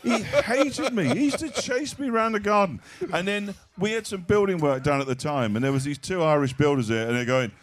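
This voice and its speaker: A middle-aged man spins comic anecdotes on a live stage, his voice set fairly high and swooping widely as he slips into other people's voices. The sound carries some echo from the live event. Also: a little fast, hardly any pauses. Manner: animated anecdotes with acted-out voices. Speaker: comedian guest.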